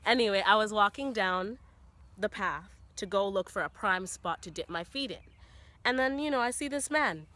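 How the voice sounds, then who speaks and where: A young woman from Canada vlogs a story outdoors among the trees, her camera set on a tripod. Her mid-range voice keeps a moderate pace, and she's animated and chatty, filling sentences with "you know" and "like" as her voice rises with the building story.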